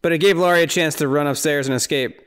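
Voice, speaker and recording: A man's voice: on the high side, fast, a bit bright, clean tone. A man hosting a podcast, casually recapping a horror film scene by scene, rambling and incredulous, often laughing. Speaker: podcast host.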